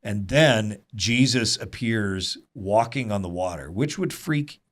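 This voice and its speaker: Man, Bible teacher, casual small-group lesson, lowish voice, animated asides. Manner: animated, quick asides and rhetorical "right?".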